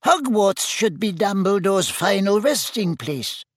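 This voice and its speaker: A man voicing a tiny, squeaky old wizard teacher, prim and procedural. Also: expressive, unhurried, no echo, clean studio sound.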